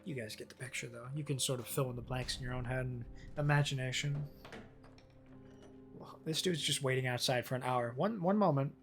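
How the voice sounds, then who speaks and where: A man's voice: mid-range voice, fairly quick, a bit bright. A man streaming a video game, chatting casually, thinking aloud and swearing freely as he plays. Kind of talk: casual gameplay commentary. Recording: game music playing behind.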